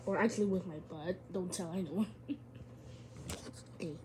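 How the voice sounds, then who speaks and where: A woman's voice: lowish voice, normal speed, background noise. A woman giving casual, chatty let's-play commentary, giggling and talking back to a game character. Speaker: gamer.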